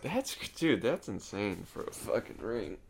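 Gravelly low-voiced young guy. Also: big pitch swings, a little slow, slight background noise. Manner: easygoing, says "dude" a lot. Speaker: podcast guest. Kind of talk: casual chat.

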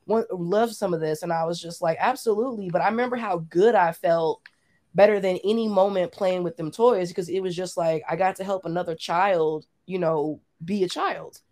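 A woman's voice: fairly low pitch, moderate pace, darkish tone. A woman co-hosting a podcast, telling a heartfelt personal story in casual chat, saying "like" often. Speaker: podcast co-host.

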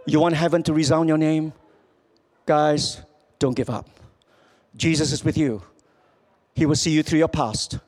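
A man preaching a sermon as pastor, swinging from loud calls to quiet, low lines. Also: fairly even intonation, unhurried, long pauses.

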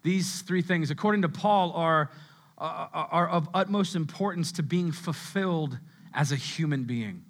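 A young adult man preaching a sermon in a conversational style, repeating words as he goes and dropping to a low hush on key words. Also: unhurried. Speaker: pastor.

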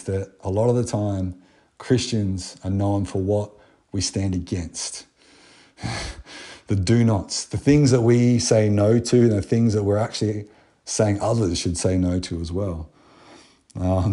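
A man's voice: low voice, mellow. A man with an Australian accent preaching a sermon, reading Bible verses and then talking them through in a conversational way with fillers and restarts. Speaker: pastor.

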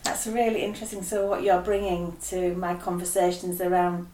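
A woman's voice: on the low side, fairly even intonation, moderate pace, mellow, echoey room, a little hiss or hum. A middle-aged woman with a Yorkshire accent, hosting a podcast interview in a chatty, upbeat way. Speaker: podcast host.

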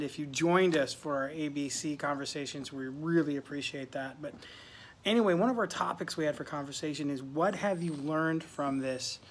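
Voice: medium pitch, fairly bright tone, a little hiss or hum. A podcast host in casual chat, upbeat and chatty, talking to listeners like family.

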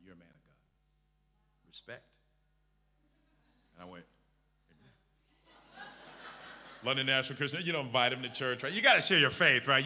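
A man's voice: medium pitch, sharp tone, big-room sound, a little hiss or hum. A male pastor preaching a sermon with impassioned, repetitive exhortations.

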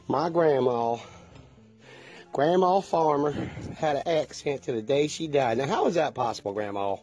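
A middle-aged man vlogs in a casual, folksy monologue, rambling chattily straight to his viewers. His medium-pitched voice is mellow with a breathy edge, animated but unhurried, and soft music plays in the background.

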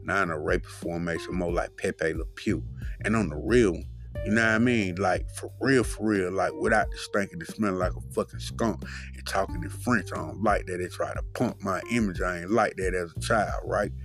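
Low-voiced man ranting on his own podcast. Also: moderate pace, fairly bright tone, faint music behind. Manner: profane, rambling and loose, heavy on fillers. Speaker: podcast host. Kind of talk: solo podcast rant.

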